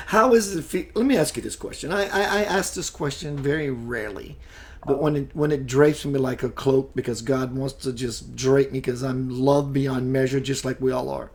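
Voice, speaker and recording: A man hosting a radio talk show, asking questions in a quick, staccato, effusive way. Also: medium pitch, darkish tone. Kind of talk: interview chat.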